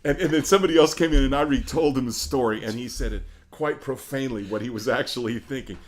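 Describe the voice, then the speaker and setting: A middle-aged man, an opera singer, telling stories in a casual interview, animated and laughing often. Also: medium pitch, fast talker.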